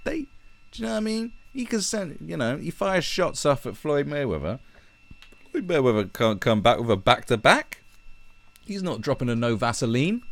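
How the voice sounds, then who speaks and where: A man's voice: fairly high pitch, sing-song, moderate pace, gravelly. A man giving a sarcastic, profane ranting commentary as an online commentator. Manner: sarcastic and profane, with mocking asides.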